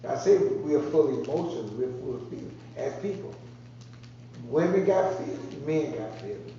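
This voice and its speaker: A preacher man, fairly high-voiced for a man, talks his sermon through in a loose, repetitive call-and-response way. He sounds far from the mic in a big echoing church, and the sound is dull and muffled, with faint room hum behind. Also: expressive, moderate pace, mellow. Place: church sanctuary.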